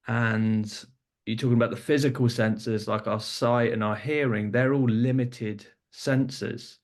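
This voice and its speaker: A man hosting a podcast, explaining his points earnestly and building them up with examples. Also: mid-range voice. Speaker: podcast host. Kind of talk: podcast discussion.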